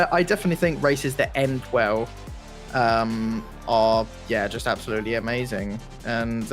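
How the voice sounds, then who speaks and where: A man chatting as co-commentator on a sim race broadcast, animated and prone to excited exclamations. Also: medium pitch, normal speed. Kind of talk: casual commentary chat. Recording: faint music bed behind.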